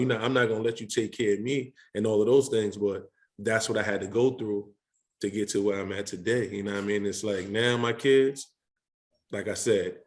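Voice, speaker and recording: A man speaking as a guest on a panel, relaxed and reflective, often checking in with his listeners. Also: on the low side. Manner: reflective, relaxed, fills with "you know". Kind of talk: casual conversation.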